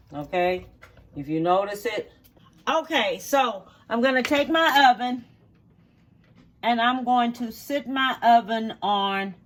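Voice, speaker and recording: A home cook, giving a cooking demonstration in a kitchen, repeating each step and checking in with "okay?" along the way. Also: mid-range voice. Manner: slow, repetitive instructions, checking in with "okay?".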